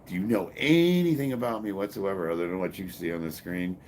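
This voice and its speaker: Blunt, low-voiced man in his fifties. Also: a little fast, a little mellow, a little hiss or hum. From Illinois, USA. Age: 50s. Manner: blunt, combative and profane, with bursts of laughter. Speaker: powerlifter answering live chat. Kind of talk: live-stream chat reading.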